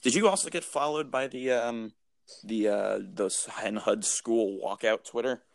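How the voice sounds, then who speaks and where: A young man co-hosting a casual podcast, talking in halting, rambling bursts with many restarts. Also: medium pitch, gravelly, no room sound. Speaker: podcast co-host. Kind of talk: casual chat.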